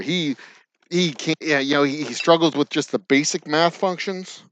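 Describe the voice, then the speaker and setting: Texan man, fairly high voice, casual joker, rambling and profane while he works. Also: normal speed, background noise. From Texas. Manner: rambling, joking, profane, counts aloud under his breath. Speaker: distiller and livestream host. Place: distillery bottling floor, indoors.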